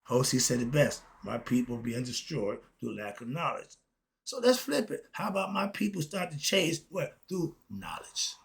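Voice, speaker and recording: A man's voice: a little high, gravelly, fairly bright tone, slightly rough. A middle-aged man delivering an emphatic, preachy spoken rant as the host, often asking "okay?". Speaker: commentary host.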